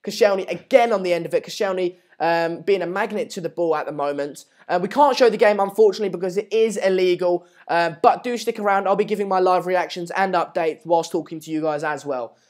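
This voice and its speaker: A young man hosting a live football watchalong, chatting casually, reading out viewer messages and breaking into excited match updates. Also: sits high, brisk, few pauses. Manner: chatty, reads out and answers viewer messages, many fillers and restarts. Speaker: live stream host.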